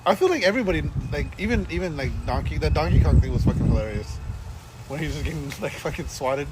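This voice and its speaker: Swearing, rambling gamer podcast host. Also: male voice, fairly high pitch, lively intonation, quick pace, very noisy. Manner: rambling, swears a lot, many restarts. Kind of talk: casual chat.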